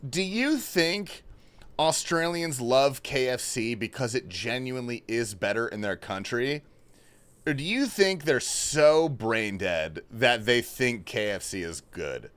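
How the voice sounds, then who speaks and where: A laid-back man on a gaming livestream, talking casually to his chat. His pitch is lively and moves a lot, and he sprinkles in swearing along with bro and man. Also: unhurried, smooth.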